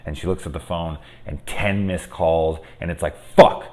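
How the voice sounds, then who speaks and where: A man in his thirties talks through a horror film in a casual, unscripted review. His voice sits very low. He swears often and swings from soft, reflective asides to loud, worked-up outbursts. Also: steady tone, normal speed. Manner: candid and profane, swinging from quiet musing to loud exasperated outbursts.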